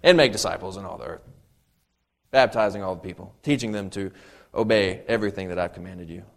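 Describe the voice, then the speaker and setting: A man's voice: sits low, fairly quick. Man preaching a conversational sermon. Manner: conversational preaching with asides and humor; reads scripture aloud with dramatic emphasis. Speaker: pastor.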